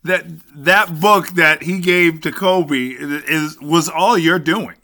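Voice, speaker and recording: A male host with a bright, sharp voice and a slightly raised pitch. He speaks slowly and carefully, thanking his guest and adding short agreements as the guest talks. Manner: slow, measured, frequent brief agreements. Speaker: podcast host. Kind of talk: casual interview.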